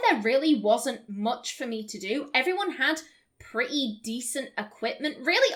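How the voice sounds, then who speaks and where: A woman's voice: fairly high pitch, fairly bright tone. Chatty woman commenting on gameplay. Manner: chatty, enthusiastic, full of fillers and restarts. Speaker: let's play host.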